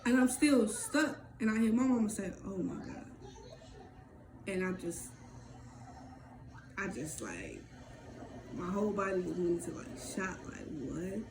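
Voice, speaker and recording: A woman telling a personal story in casual talk, candid and swearing freely, acting out what others said in quick lively bursts. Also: medium pitch. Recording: echoey room with faint background noise.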